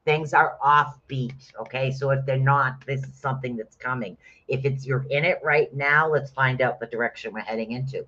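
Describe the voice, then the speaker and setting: A man's voice: medium pitch, normal speed, few pauses, bright, forceful tone. Middle-aged man hosting a casual rune-reading stream, chatty and familiar, muffled lo-fi sound. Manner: chatty, calls listeners honey. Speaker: rune reader. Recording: dull lo-fi sound.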